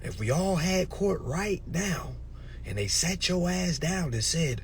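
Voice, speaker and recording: A man delivering a casual, preachy rant to his viewers, swearing freely, tagging his points with "all right?" and swinging between murmurs and shouts. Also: a little high, expressive, a little slow, a little hiss or hum. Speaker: social media commentator. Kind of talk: casual ranting monologue.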